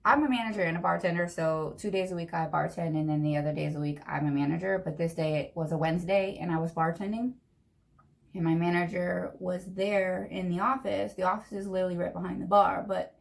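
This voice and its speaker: Woman, young adult, get-ready-with-me storytime, chatty and animated, gravelly creak. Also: on the low side. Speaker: vlogger.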